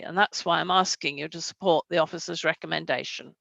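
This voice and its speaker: A councillor makes her case to a planning committee over a video call. Her voice has a gravelly edge of vocal fry, and the sound is dry and close. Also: fairly low pitch, normal speed, a bit bright, no room sound, lo-fi sound. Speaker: councillor speaking on an application. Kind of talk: prepared statement at an online council meeting.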